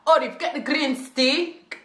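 A woman voicing an angry, strict mother scolding her teenage daughter loudly in a roomy echo. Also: high voice, slow, far from the mic, pitched above the performer's own voice.

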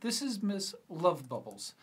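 Male reader doing a fussy, high-pitched principal for a screenplay read. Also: very animated, a little slow, slightly rough, heavily acted. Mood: formal. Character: pompous school principal, adult man. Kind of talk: screenplay reading.

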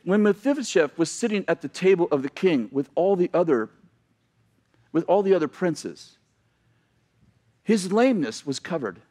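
Male pastor, sermon, slightly raised pitch, loose storytelling with asides and self-corrections. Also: sing-song, normal speed, long pauses, mellow.

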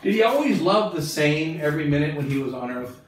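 Bishop teaching nuns; quizzes the room, repeats for emphasis; big echo, distant mic. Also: male voice, on the high side, lively intonation, brisk, a little hiss or hum. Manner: asks the listeners questions, repeats phrases for emphasis. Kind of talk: catechism talk to religious sisters. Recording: very echoey room, mic far off.

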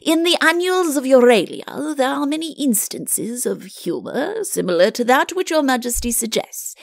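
A woman's voice: high-pitched, sing-song, normal speed, creaky, dry recording, studio quality, pitched above the performer's own voice, exaggerated voice. A woman voicing a pompous, quavering old male court chancellor in a storybook reading.

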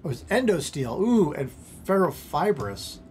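A man's voice: a little high, a little slow, slight background noise. Rambling man streaming a strategy game. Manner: rambling, self-interrupting, easily excited. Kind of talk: casual game commentary.

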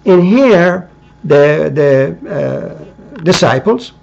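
A man giving a religious lecture, reading verses aloud in a halting, deliberate way with many pauses and fillers. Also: on the high side, lively intonation, vocal fry, a little mellow. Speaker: preacher. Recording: dull lo-fi recording.

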